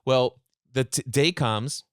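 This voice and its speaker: A man telling a story in a podcast interview as a mindset coach, acting out both sides of a phone call in lively voices, speaking over a remote call. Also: medium pitch, slow, clean tone, no room sound, clean studio sound.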